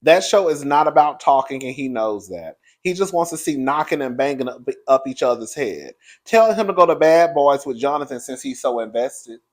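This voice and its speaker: A man hosting a reaction vlog, talking in an animated, gossipy way and calling his viewers "girl". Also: mid-range voice. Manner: animated, gossipy, quick laughs. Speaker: commentary vlogger. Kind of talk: sassy reaction commentary.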